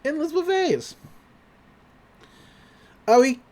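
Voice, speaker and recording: A man's voice: very high voice, expressive, takes it slowly, a little mellow. A young man on a podcast, casually recapping an anime episode with loose paraphrased quotes and lots of fillers. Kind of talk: casual chat.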